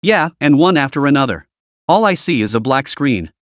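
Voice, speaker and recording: A man voicing a mocking young male live-stream viewer in a web novel reading, with a scoffing, drawn-out delivery. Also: medium pitch, sing-song, no echo, clean studio sound, close to an everyday voice. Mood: baffled.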